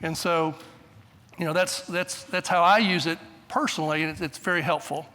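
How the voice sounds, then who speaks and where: An older man speaking at a conference, with a fairly high, bright, forceful voice. He talks in a blunt, to-the-point way. His voice rings out with the long reverb of a large hall. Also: fairly even intonation, moderate pace. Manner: blunt, straightforward, brief. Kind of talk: conference presentation.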